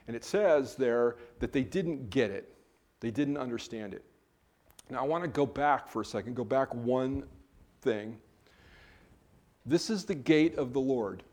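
A man preaching a sermon, reading scripture aloud and explaining it in a relaxed, conversational way with frequent self-corrections. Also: mid-range voice. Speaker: pastor.

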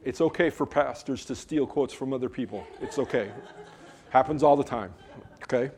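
A man's voice: medium pitch, normal speed, darkish tone. A man, a pastor, preaching a sermon in a conversational way, with joking asides between earnest points.

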